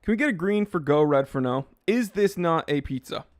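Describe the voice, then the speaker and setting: A man's voice: fairly high pitch, expressive, brisk. A man hosting a casual live stream, reading out comments and joking in a loose, rambling way.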